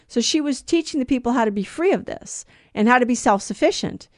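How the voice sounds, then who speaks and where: A woman telling a story on a radio show, her voice sitting a little high. She speaks earnestly and with animation, stumbling and restarting as she goes. The sound is dry and close to the mic. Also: animated, brisk, dry recording.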